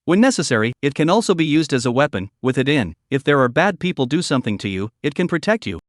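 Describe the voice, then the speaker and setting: A man voicing a calm, powerful father in a casual, reassuring manner. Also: on the high side, fast talker, dry recording, clean studio sound.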